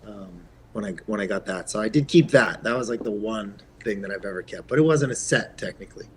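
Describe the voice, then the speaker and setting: A man from Quebec, a guest actor, chatting in an interview in a soft-spoken way that often trails off, with plenty of ums and uhs. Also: on the low side, lively intonation, fairly quick, a little hiss or hum. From Eastern Canada, Quebec. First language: French. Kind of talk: casual interview chat.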